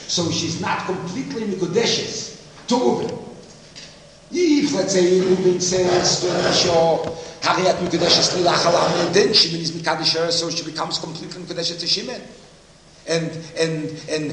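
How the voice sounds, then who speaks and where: A man with a high, lively voice teaching Talmud in a sing-song lecture style, going over each point twice and slipping Hebrew and Aramaic terms into his English. His voice has a gravelly rasp, and it rings in a large, echoey hall with a faint hum behind it. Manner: explains step by step, repeating key phrases.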